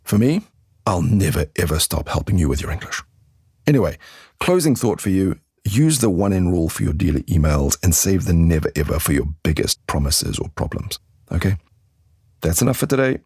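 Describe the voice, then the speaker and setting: A male English teacher with a deep, gravelly voice and a husky edge, leading a podcast lesson. He speaks each example slowly and repeats it so learners can follow along, in a dry, close sound. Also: very animated, darkish tone, no echo. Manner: slow, deliberate model sentences repeated for learners; coaching, gives tips and drills to the listener.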